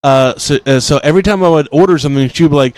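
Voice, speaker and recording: A man's voice: on the high side, rapid-fire, a little mellow, dry recording. Chatty man, dry close sound. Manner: rambling, chatty storyteller. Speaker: podcast co-host. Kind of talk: casual chat.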